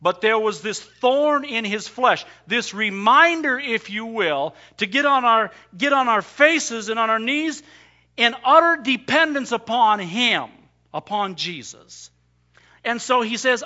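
A man's voice: very high voice, lively intonation, a little slow, sharp tone, muffled recording. A man preaching a sermon emphatically, voicing scripture in the first person. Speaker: pastor.

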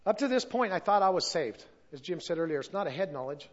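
A man's voice: high-pitched, lively intonation, fast talker, lo-fi sound. A middle-aged man giving a personal testimony at a church service, earnest and emotional, sometimes losing his place.

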